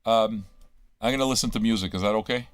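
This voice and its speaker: A man's voice: lowish voice, fast talker, no echo. A man hosting a live radio stream, ranting crudely at his listeners with constant swearing and rhetorical questions. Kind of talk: crude rambling monologue to chat.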